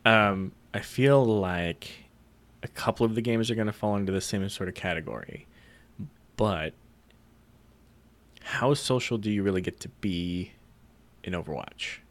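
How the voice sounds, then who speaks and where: A man's voice: lowish voice, a little slow, long pauses. A man co-hosting a casual gaming chat show, laid-back and dry, laughing easily. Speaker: podcast co-host.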